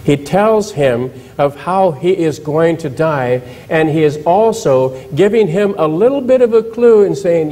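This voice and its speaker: A man's voice: a little high, lively intonation, unhurried, hardly any pauses, dark tone, low-quality recording. A male pastor giving a church sermon in a conversational way, asking the congregation questions and retelling scripture with dramatized quotes.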